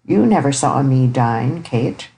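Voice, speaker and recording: Woman doing an elderly uncle, low voice, precise, dry irony, audiobook. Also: lively intonation, slow, vocal fry, mellow, full character voice, low-quality recording. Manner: grave, precise, ironic. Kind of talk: audiobook character reading.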